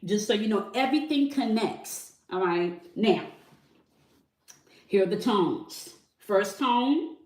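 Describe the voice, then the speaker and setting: A woman's voice: mid-range voice, lively intonation, takes it slowly, darkish tone. A woman hosting a spiritual tarot channel, teaching in a monologue and checking in with "okay?" after almost every phrase. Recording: echoey room, somewhat far from mic.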